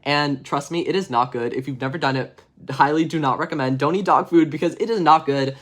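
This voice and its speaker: A man's voice: on the high side, fairly quick, a bit bright. A man hosting a livestream, reading children's picture books aloud with playful, chatty asides to viewers. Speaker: streamer reading bedtime stories. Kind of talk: casual storybook reading on a livestream.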